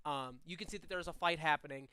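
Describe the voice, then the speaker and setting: A man's voice: on the high side, fast, sharp tone, clean tone. A young man narrating as game master, rambling, with many fillers and restarts.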